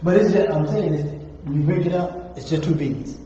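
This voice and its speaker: A man teaching an informal Arabic lesson, slowly sounding out letters and vowels with patient repetition. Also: fairly high pitch, a crowd in the background. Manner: slow, repeats sounds patiently. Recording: echoey room, dull lo-fi audio.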